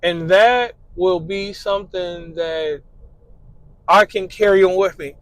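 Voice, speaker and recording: A man's voice: high-pitched, slow pace, no room sound, poor audio. A man talking casually in a laid-back, slangy way, full of "you know" fillers, as he describes his ideal date. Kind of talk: casual spoken monologue.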